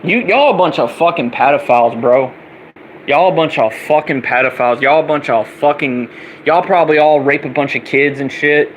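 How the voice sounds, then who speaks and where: A man's voice: on the high side, normal speed, lo-fi sound, a little hiss or hum. A young man ranting angrily and profanely, repeating himself as he goes. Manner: heated, profane, repetitive ranting. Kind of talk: angry political rant vlog.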